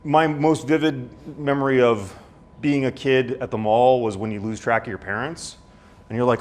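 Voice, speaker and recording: Man, university lecturer, casual explaining style, keeps asking "right?", mid-pitched voice. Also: normal speed. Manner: conversational, with frequent "right?" and restarts; acts out voices with sudden high outbursts.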